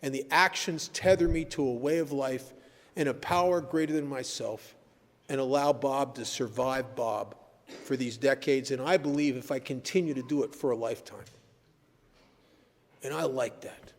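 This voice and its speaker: A man's voice: medium pitch, moderate pace. An older man giving a personal talk at a recovery meeting, earnest and blunt, telling stories and pressing his points with sudden emphasis. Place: meeting hall. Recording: echoey hall.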